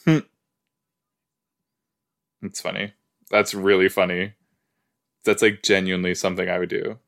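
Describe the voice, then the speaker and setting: A podcast host with a low-pitched, fairly bright voice speaks in a flat, unhurried way with some vocal fry. He chats casually and reacts aloud to a show while watching it, wandering into rambling asides.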